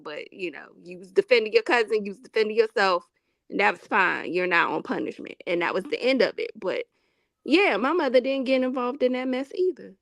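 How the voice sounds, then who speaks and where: A woman hosting a casual chat, telling a story with lively acted-out quotes and frequent laughter. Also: fairly high pitch, dry recording. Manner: animated storyteller, acts out quotes, laughs often. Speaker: host.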